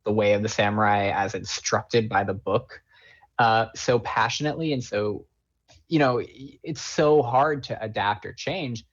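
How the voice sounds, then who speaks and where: Lower-voiced man, passionate podcast guest. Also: lo-fi sound. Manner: passionate, fast bursts, swears freely. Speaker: television writer and podcast guest. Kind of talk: casual film discussion.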